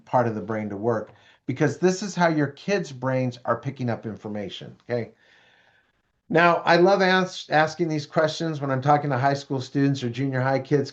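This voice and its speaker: A man giving a parent education talk, telling stories and asking the audience questions in an animated way. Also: medium pitch. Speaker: prevention speaker for parents. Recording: dull lo-fi recording.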